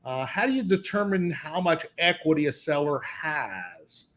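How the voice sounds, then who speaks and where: Relaxed male interview host. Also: on the high side, measured pace. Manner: relaxed, affirming interjections and reading questions from listeners. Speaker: podcast host. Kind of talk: casual interview chat.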